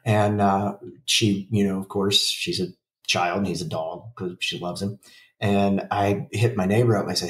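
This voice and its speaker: Low-voiced profane man in his forties. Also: fairly even intonation, moderate pace, reverberant, distant mic. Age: 40s. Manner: rambling, profane storytelling. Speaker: podcast co-host. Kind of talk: casual chat.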